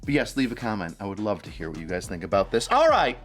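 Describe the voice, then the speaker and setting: A man's voice: lowish voice, wildly swooping pitch, quick pace, faint music behind. A man hosting a reaction video, joking and sarcastic as he comments and plugs his channel. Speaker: host.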